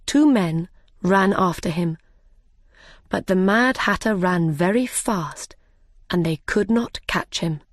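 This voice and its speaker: Storybook narrator, woman, slow and very clear, dry close sound. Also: fairly low pitch, no room sound. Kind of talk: graded-reader story narration.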